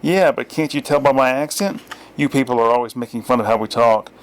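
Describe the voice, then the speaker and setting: A touchy, growling bean played by a man who complains through every line. Gruff and irritable, for a spoken storybook. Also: mid-range voice, brisk, natural voice. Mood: grumpy.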